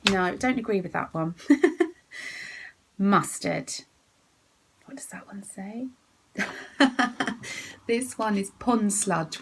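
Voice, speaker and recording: A woman hosting her knitting podcast from home, chatting and giggling, often dropping into a soft whisper. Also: medium pitch, slight background noise, low-quality recording. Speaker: podcast host. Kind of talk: casual chat about knitting.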